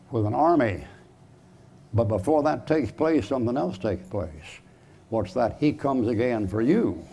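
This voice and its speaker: A man's voice: medium pitch, mellow, slight background noise. A man preaching a chalk-talk sermon in a church, folksy and emphatic, putting questions to the audience and answering them himself.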